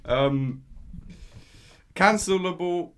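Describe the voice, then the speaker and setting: A man's voice: high-pitched, very slow, a bit bright, a little hiss or hum. A young man, co-hosting a casual podcast chat in a laid-back, wry way. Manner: laid-back, wry, says mate a lot. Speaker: podcast co-host.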